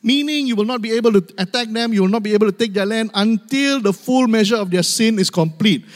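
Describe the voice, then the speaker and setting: A man's voice: high voice, fast talker. A man preaching a sermon to his church, calling for amens and repeating key phrases for emphasis. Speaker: pastor. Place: church sanctuary. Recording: long hall reverb.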